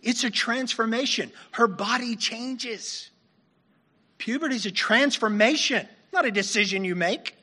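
A man delivers a sermon in a high, conversational voice, often poking fun at himself. His tone is bright and forceful, though his voice sounds a little strained, as if he is starting to lose it. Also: unhurried, husky. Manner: conversational, self-deprecating, laughs while preaching. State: losing his voice. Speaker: pastor.

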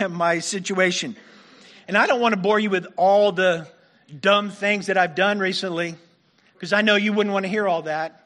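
High, bright-voiced male pastor preaching. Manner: conversational, self-deprecating, laughs while preaching. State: losing his voice. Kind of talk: sermon.

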